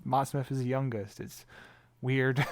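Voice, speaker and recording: A man's voice: medium pitch, flat delivery, unhurried, no echo, studio quality. A man co-hosting a podcast in casual chat, wry and joking, laughing at his own asides. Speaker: podcast co-host.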